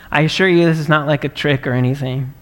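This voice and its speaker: A male pastor delivering a sermon in a conversational, earnest manner, often checking in with a quick "right?". His voice sits a little high for a man, and it rings with the long reverb of a big church sanctuary. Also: steady tone. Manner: conversational, earnest, warm laughs and frequent "right?". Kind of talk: livestreamed sermon. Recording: long reverb of a large hall.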